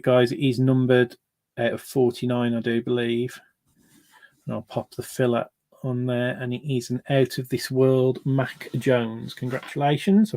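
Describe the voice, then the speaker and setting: A man's voice: mid-range voice, mellow, no echo. A man hosting a card break, chatting casually with many fillers and restarts.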